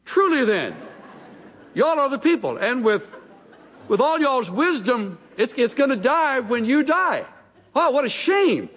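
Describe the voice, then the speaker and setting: A man's voice: very high-pitched, big pitch swings, a little slow, fairly bright tone, pitched above the performer's own voice, exaggerated voice. A man voicing Job, a sarcastic, suffering biblical man mocking his friends in an exaggerated tone. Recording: long reverb of a large hall.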